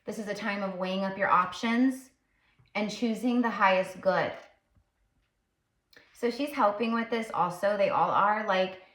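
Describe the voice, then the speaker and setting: In a roomy, echoing recording, this tarot-reading psychic channels in a casual spiritual talk. She speaks a bit slowly with long pauses, her medium-pitched voice fairly bright, and she rambles with many fillers.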